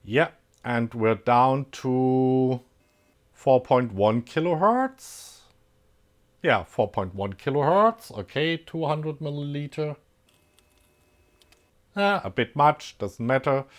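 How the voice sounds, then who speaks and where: A man with a German accent explaining an electronics experiment in a relaxed, thinking-aloud way, with many pauses and fillers. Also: mid-range voice. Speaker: electronics hobbyist host. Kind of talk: casual technical explanation.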